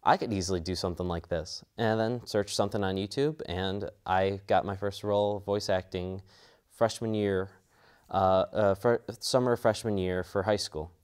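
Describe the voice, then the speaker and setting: Young man, voice actor, casual interview talk, earnest, rambling, slightly low voice. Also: a little mellow, clean tone. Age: young adult. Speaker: voice actor and student.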